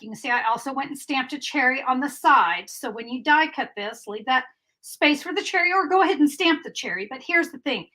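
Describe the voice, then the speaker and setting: Woman, bright tone, upbeat, chatty crafting teacher, live tutorial. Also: high-pitched, low-quality recording. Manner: chatty, upbeat, reads viewer comments aloud. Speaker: card-making instructor.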